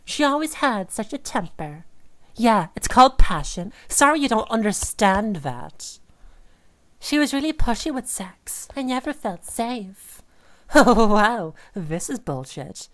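A woman's voice: sits high, expressive, measured pace. A woman playing a volatile, obsessive girlfriend. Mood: furious. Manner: swings between sweet cooing and sudden rage. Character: volatile, obsessive young woman who holds her partner captive. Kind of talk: audio role-play monologue.

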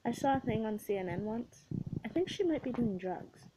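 A woman reading a comic story in first person, with wry, breathy asides. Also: on the high side, expressive, normal speed, warm tone, a little hiss or hum, poor audio. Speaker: audiobook reader.

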